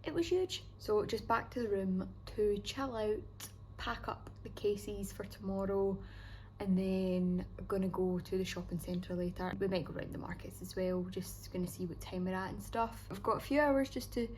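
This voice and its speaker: A young Scottish woman talking straight to camera in a relaxed travel vlog. Her delivery is chatty and upbeat, sprinkled with casual fillers, at a mid pitch. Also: moderate pace, slight background noise, poor audio. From Scotland. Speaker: travel vlogger.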